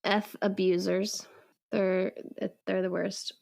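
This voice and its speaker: New zealand woman cohost, casual and rambly, bit of vocal fry. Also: mid-range voice, level tone, slow, a little mellow, dry recording, clean studio sound. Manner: casual, lots of fillers like "like". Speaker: podcast co-host. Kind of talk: casual chat.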